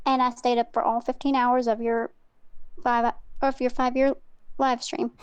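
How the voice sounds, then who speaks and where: A woman's voice: a little high, little pitch movement, moderate pace, smooth, lo-fi sound. A woman calling in to a live stream, an eager, chatty fan. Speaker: caller. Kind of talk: casual call-in chat.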